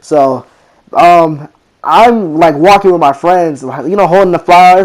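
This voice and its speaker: Teenage guy, slangy casual storyteller, fairly high-pitched, animated quoting. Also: a little slow. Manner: slangy, rambling, animated retelling with quoted voices. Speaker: vlogger.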